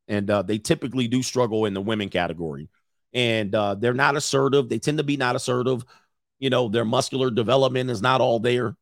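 A man's voice: medium pitch, no room sound, studio quality. A middle-aged man hosting a casual stream, reading viewer comments and giving blunt, rambling opinions.

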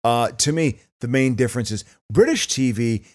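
A man's voice: mid-range voice, normal speed. A middle-aged man co-hosting a podcast, chatting casually and often stumbling over restarts. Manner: lively, stammering restarts. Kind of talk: casual chat.

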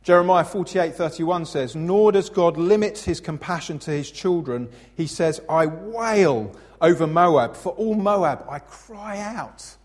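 A man in his thirties preaching a sermon as pastor, expressive and playful, acting out voices in his stories. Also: fairly high pitch, a little slow, hardly any pauses. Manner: expressive, acts out funny voices in anecdotes. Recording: long hall reverb.

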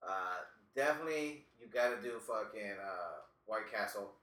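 A man with a very bright voice offers advice in a laid-back chat, stalling on "uh" and repeating words as he goes. He sits away from the mic in a roomy, echoing space. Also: on the low side, animated, normal speed, far from the mic. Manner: hesitant, with many "uh"s and repeated words. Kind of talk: casual chat.

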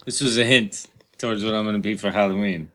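A man's voice: fairly low pitch, steady tone, fast talker, sharp tone. A man co-hosting a comedy podcast, chatting casually and dropping in dry pirate interjections. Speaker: podcast co-host.

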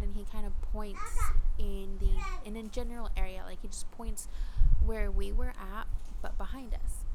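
A young woman hosts her own podcast and tells a personal story in a loose, chatty way. She leans on fillers and rushes through the tense parts with plenty of feeling. The recording carries clear background noise. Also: mid-range voice. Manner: chatty, animated retelling with many fillers. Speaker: podcast host. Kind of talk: casual storytelling.

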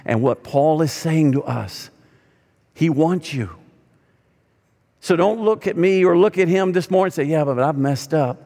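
A man preaching a sermon as pastor, swinging between loud emphatic lines and hushed ones. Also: fairly high pitch, measured pace, creaky, long pauses. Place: church sanctuary. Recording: long hall reverb.

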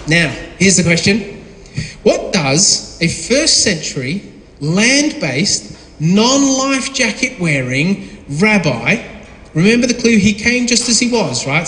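A man with a high voice preaches a sermon, firing questions at his listeners and slipping into other voices. He is heard in a big room with a long, ringing echo. Faint ambient noise sits underneath. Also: bright, forceful tone. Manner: asks the audience questions and acts out voices in quotes. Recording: echoey hall with long reverb, faint ambience.

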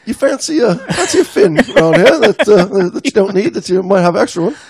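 A silly, hammy mock-British gent, as a man puts him on, asks around for his lost fin in a squeaky, pitched-up toff voice. He sounds loud and bouncy, and the recording is dry and close. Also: sing-song, brisk, gravelly, breathy edge, no echo, heavily acted.

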